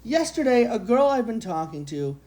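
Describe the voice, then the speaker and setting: A man's voice: extremely high pitch, big pitch swings, normal speed, a little mellow. A man co-hosting a podcast who reads a story aloud and jokes between lines. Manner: playful, laughs between lines. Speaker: podcast co-host. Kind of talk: reading stories aloud and chatting.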